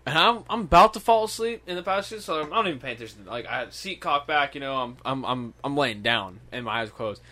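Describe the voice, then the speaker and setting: Young male co-host, loose swearing anecdote teller, average pitch. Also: animated, quick pace, few pauses, sharp tone. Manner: laughing, storytelling with acted quotes. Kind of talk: casual profane banter.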